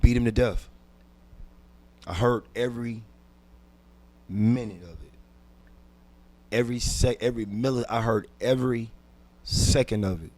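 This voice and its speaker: A man, a comedian guest on a podcast, telling a personal story intensely and dropping from hushed to loud, with frequent repeats and restarts. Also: mid-range voice, unhurried, long pauses. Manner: repeats words and restarts while recounting.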